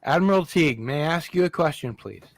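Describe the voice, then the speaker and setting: A man moderating a livestream panel debate, speaking slowly and asking the others to stay civil. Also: on the high side. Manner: slow and measured, calling for calm.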